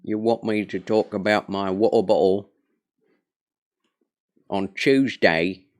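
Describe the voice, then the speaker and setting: A man streaming a video game, chatting casually with viewers in a polite, formal, gentlemanly way. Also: on the low side, fairly even intonation, slow pace.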